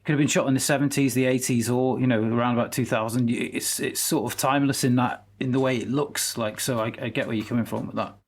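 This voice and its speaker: A man's voice: medium pitch, steady tone, quick pace, few pauses, slightly rough. A man co-hosting a casual film podcast, rambling and agreeable, often repeating himself as he talks. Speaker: podcast co-host.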